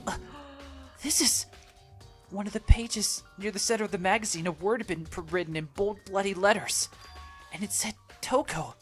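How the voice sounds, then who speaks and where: A woman's voice: mid-range voice, moderate pace, soft background music. A woman co-hosting a game playthrough, chatting and reading the story lines aloud in playful voices. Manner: playful, reads dialogue in lively put-on voices. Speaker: let's play co-host.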